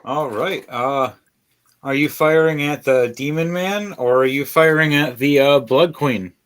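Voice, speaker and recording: A man's voice: a little high, a little slow, fairly bright tone, clear, resonant tone. A man narrating as dungeon master, loose and rambling, with fillers and the odd curse. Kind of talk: narrating a tabletop game.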